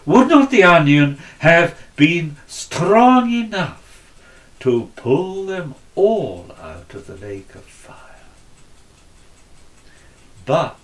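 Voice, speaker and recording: A male preacher delivering a sermon slowly and deliberately. His pitch swings widely as he tells the story, which makes the delivery vivid and expressive.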